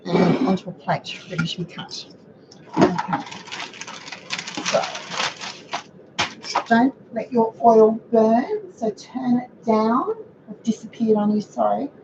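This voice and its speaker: A middle-aged woman with a croaky voice, chatting to viewers while she cooks in her home kitchen. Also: on the high side, takes it slowly, pauses often. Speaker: cooking show host. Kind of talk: casual cooking demonstration. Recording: dull lo-fi audio with background noise.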